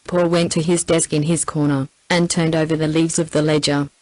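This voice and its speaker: Australian female TTS narrator, low and level, dry close sound, steady audiobook read. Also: a little fast, no echo, poor audio. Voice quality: even synthetic text-to-speech delivery. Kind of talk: scripted narration.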